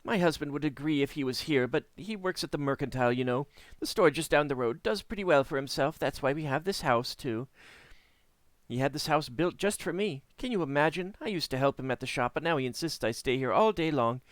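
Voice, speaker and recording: Man reading talkative middle-aged villager woman, breathless chatter, bright lilt. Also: a little high, lively intonation, no room sound, voice pushed up, lightly acted. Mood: gushing. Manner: talks nonstop without pausing.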